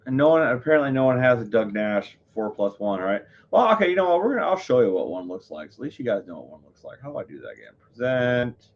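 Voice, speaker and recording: A man's voice: medium pitch, very animated, fast, hardly any pauses, dull audio. A man chatting casually on a live stream, rambling, full of fillers and self-corrections. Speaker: livestreamer.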